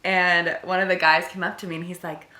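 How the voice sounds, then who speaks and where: Lively young woman telling stories. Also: fairly low pitch, a little fast. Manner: animated storyteller, laughs often. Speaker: co-host. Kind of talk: casual couple chat. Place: bedroom. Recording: echoey room.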